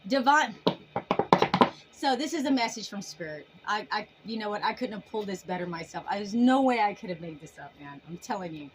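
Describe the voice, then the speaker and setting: A woman's voice: mid-range voice, animated, a little fast, slight background noise, low-quality recording. A woman giving a casual tarot reading to camera, emphatic and folksy, full of sassy endearments. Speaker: tarot reader.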